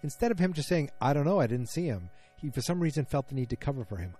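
A man's voice: medium pitch, big pitch swings, fast talker, mellow, slightly rough, faint music behind. A man hosting a podcast, casually recapping a TV episode in a chatty, rambling way with lots of fillers and restarts. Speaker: podcast host.

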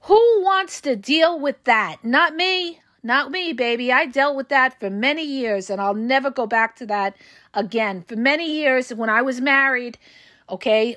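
Woman podcast host, middle-aged, high voice, forceful repetitive advice style, keeps checking in with "okay?". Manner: forceful, repeats points, frequent "okay?" tag questions. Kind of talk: emphatic advice monologue.

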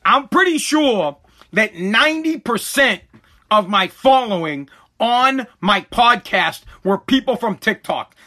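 A man's voice: high voice, expressive, slow pace, pushed and bright. A man who makes online content, ranting angrily to camera, repeating himself and swearing. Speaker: content creator. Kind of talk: angry rant to camera.

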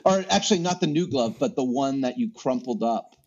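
A man's voice: mid-range voice, animated, a little fast, darkish tone, husky, muffled recording. A man chatting as a podcast guest, rambling through stories with lots of fillers and restarts. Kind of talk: casual chat.

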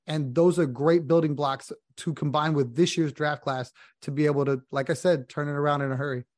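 A man's voice: on the high side, fairly quick, no room sound, studio quality. A man co-hosting a sports podcast, talking through team analysis fluently. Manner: fluent, steady analytic breakdown. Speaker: podcast co-host.

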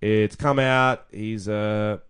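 A man's voice: lowish voice, steady tone, slow, a bit bright, clear, resonant tone. A young man, co-hosting a podcast in casual, joking banter. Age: young adult. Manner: joking, banter-heavy, laughs at own jokes. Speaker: podcast co-host.

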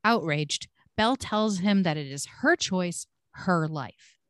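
A woman's voice: on the low side, animated, takes it slowly, dry recording, studio quality. A woman co-hosting a podcast, reading scripted episode recaps with blunt, swearing asides.

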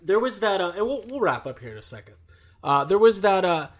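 A man's voice: high-pitched, very animated, a little fast. A man hosting a podcast in casual chat, joking and laughing as he talks. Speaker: podcast host.

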